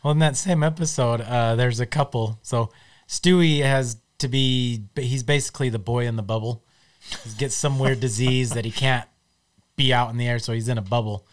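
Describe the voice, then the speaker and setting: A man's voice: mid-range voice, steady tone, moderate pace. Casting: male podcast co-host, easygoing storyteller, chuckles through his retellings. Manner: retells cartoon scenes, laughing at own jokes. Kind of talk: casual chat.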